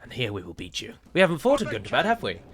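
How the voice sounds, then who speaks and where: A man's voice: medium pitch, wildly swooping pitch, fast talker, a bit bright, husky. A man giving chatty, wry commentary while playing a strategy game, wandering into rambling asides. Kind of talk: gameplay commentary.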